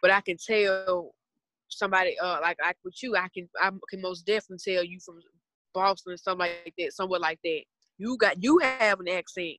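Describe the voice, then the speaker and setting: A woman's voice: lowish voice, a little fast, fairly bright tone, a little hiss or hum. A woman in her twenties with a Southern US accent, chatting casually and earnestly on a podcast in a rambling way. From Southern United States. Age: 20s. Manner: rambling, earnest, talks about spirituality.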